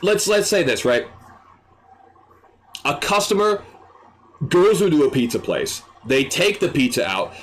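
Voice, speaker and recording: A man streaming, ranting in an exasperated, animated way and swearing freely. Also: mid-range voice. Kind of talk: ranting commentary.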